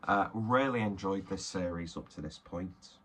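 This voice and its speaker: A man's voice: low-pitched, normal speed, fairly bright tone, husky. A man chatting casually and self-deprecatingly as he unboxes and reviews beers, rambling with many fillers. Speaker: beer reviewer.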